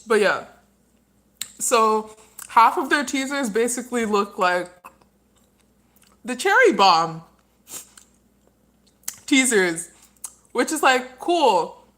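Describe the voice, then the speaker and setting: A woman's voice: a little high, sing-song, slow, pauses often, pushed and bright. Opinionated woman chatting on a livestream. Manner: opinionated, rambling, talks while eating. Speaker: livestream host. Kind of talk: casual livestream chat.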